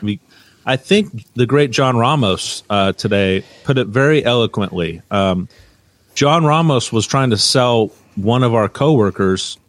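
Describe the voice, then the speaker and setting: A man's voice: mid-range voice, expressive, a little slow, no echo. A man in his fifties co-hosting a podcast in casual chat, rambling and hunting for words with plenty of fillers. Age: 50s. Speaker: podcast co-host.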